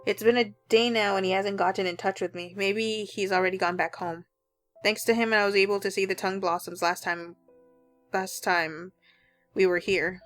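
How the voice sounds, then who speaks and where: A woman reads a visual novel's narration aloud, earnest and heartfelt. Her voice is mid-pitched and plain. Quiet game music runs faintly behind her. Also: fairly even intonation, moderate pace. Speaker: let's play narrator.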